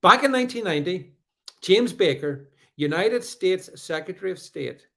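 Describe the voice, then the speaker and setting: A man's voice: high voice, expressive, moderate pace, creaky, sharp tone. A middle-aged man hosting a live stream, combative and sarcastic, with many fillers and restarts as he reads out viewer comments. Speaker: livestream host.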